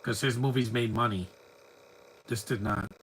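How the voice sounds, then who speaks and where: A man's voice: medium pitch, fairly even intonation, normal speed, a bit bright, slight background noise, rough recording. A man giving a live movie commentary, chatty and opinionated, full of rambling asides. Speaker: film commentator.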